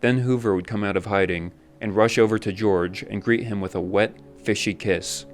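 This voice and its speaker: A man narrating a scripted documentary in a measured, even storytelling manner. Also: fairly low pitch, faint music behind.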